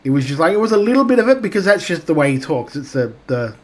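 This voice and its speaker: An Australian man with a slightly high voice co-hosts a wrestling podcast, speaking quickly and with plenty of animation. His talk is casual, full of fillers and restarts.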